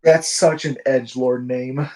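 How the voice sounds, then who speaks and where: A young adult man co-hosting a casual chat, telling an animated, sarcastic story. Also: medium pitch, a little slow, poor audio. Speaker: co-host.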